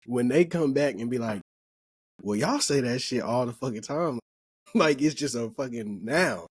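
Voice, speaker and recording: A man in a casual group discussion, relaxed and frank, laughing often and swearing freely. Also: mid-range voice, moderate pace, slightly rough, no room sound. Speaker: podcast co-host.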